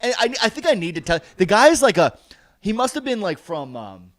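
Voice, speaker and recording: A man's voice: high voice, very animated, fairly quick, dry recording. A man co-hosting a podcast, telling a story in a casual, profane way and acting out other people's lines. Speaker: podcast co-host.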